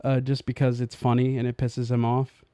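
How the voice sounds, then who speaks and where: A man's voice: medium pitch, monotone, moderate pace, warm tone, clear, resonant tone, dry recording, studio quality. A man hosting a stream, chatting casually and with amusement, full of fillers. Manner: amused, gossipy, filler-heavy. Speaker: stream host. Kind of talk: casual commentary chat.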